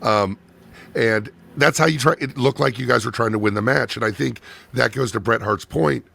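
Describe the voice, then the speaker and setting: Male host, gravelly voice, attentive interviewer, mid-pitch. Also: normal speed, a bit bright. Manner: attentive, short agreeing responses. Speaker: podcast host. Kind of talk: casual interview talk.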